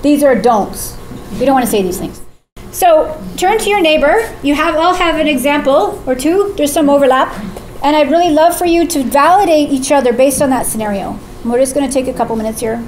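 Upbeat high-voiced woman leading a workshop. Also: brisk. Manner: upbeat, encouraging, with many "so" and "right?". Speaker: workshop facilitator. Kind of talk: teaching a live workshop. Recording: echoey room with faint noise.

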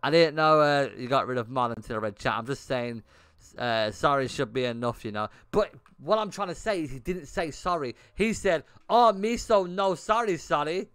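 A man's voice: medium pitch, animated, normal speed, a bit bright, smooth, no echo. A young man streaming a game, chatting bluntly with his viewers and swearing often. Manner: blunt and swearing, talking to chat in bursts. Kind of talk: casual livestream chat while gaming.

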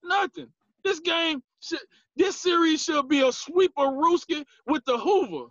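A man co-hosting a casual sports chat, playfully trash-talking teams in an animated way. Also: very high voice, unhurried, no echo, dull audio. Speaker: podcast co-host.

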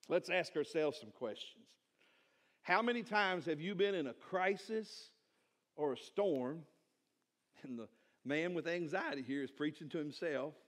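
High-voiced pastor preaching. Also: male voice. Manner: animated preaching with rhetorical questions. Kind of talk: sermon. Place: church sanctuary.

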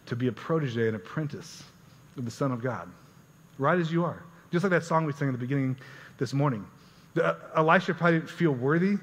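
A man preaching a sermon as pastor, earnest and conversational, often repeating words as he goes. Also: on the high side. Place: church sanctuary. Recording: church hall reverb.

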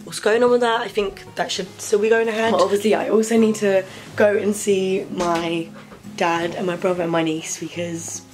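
A woman's voice: medium pitch, fairly even intonation, moderate pace, faint music behind. A young woman chatting to camera in her bedroom, telling a story full of fillers. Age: young adult. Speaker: vlogger. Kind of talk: casual chat to camera.

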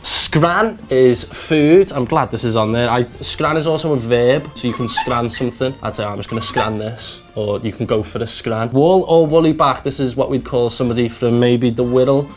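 A man's voice: medium pitch, moderate pace, hardly any pauses, faint music behind. A young man from Liverpool with a Scouse accent, chatting playfully as a radio presenter explaining local slang and laughing often. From Liverpool, England. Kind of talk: casual explainer to camera.

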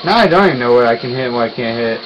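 A young man giving casual let's-play commentary, excitable and quick to yelp and groan when he fails. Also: mid-range voice, a little hiss or hum, rough recording. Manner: excitable, yelps and groans at failures. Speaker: gaming YouTuber.

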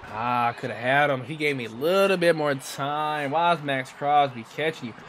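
A man's voice: fairly high pitch, moderate pace, a bit bright, slight background noise. A man streaming a football video game, talking loosely to his chat and friends while he plays. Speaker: gaming streamer. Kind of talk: live stream gameplay commentary.

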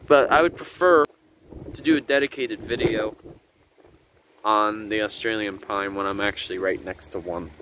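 In a low-quality recording, a man with a slightly bright voice talks at normal speed as he leads a walking nature tour by a river in a windy garden. As a vlogger, he explains things easily and loosely, with fillers, while wind rumbles on his handheld camera mic.

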